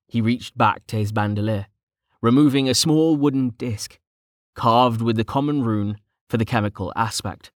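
A man narrating a fantasy audiobook in steady storytelling. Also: medium pitch, moderate pace, dry recording, studio quality.

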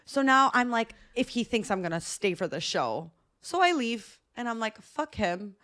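A woman co-hosting a podcast, telling a story in casual chat. Her voice is thick and sits fairly high. She is animated, acts out the quotes and laughs often. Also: normal speed. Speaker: podcast co-host.

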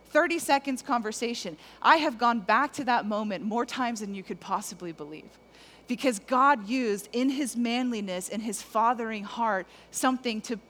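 A middle-aged woman preaching a lively, conversational sermon to men, talking straight to the audience. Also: on the high side. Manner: animated, conversational, addresses the audience directly.

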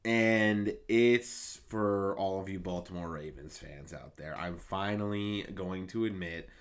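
A man co-hosting a casual sports podcast, reeling off stats in quick bursts. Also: deep voice. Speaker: podcast co-host.

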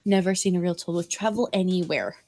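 A woman co-hosting a casual chat, animated and swearing freely, poking fun at herself. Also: on the low side, fairly quick. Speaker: podcast co-host.

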